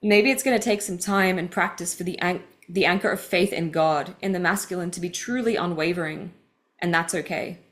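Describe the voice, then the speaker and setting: A woman's voice: on the low side, a little fast. Emotional, confessional woman reading her book. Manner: vulnerable, earnest, confessional. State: emotional, voice welling with grief. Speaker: podcast host. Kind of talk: reading aloud from her own book with personal asides.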